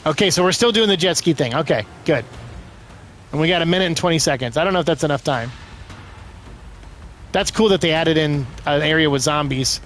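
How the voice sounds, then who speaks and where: A man giving casual let's-play commentary, exclaiming loudly as he plays. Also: on the high side, fairly quick, pauses often, a little hiss or hum. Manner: excitable, loud bursts of exclaiming while playing. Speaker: gaming streamer.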